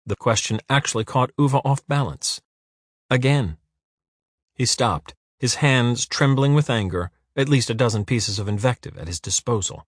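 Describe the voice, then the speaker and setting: A man narrating an audiobook in a measured, even storytelling voice. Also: lowish voice, dry recording, clean studio sound. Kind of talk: scripted narration.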